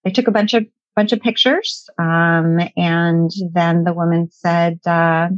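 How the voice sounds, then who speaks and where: A woman's voice: lowish voice, fairly even intonation, unhurried, no room sound. A middle-aged woman telling a personal story in a conversational way, often restarting her sentences and quoting what people said to her. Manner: conversational, with frequent restarts and quoted dialogue. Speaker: guest sharing a personal story. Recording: dull lo-fi recording, dry.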